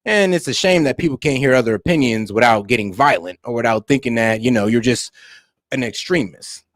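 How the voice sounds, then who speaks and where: A man giving loose, slangy casual commentary as a reaction streamer, thinking out loud. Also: medium pitch, expressive, a little fast, dry recording, clean studio sound.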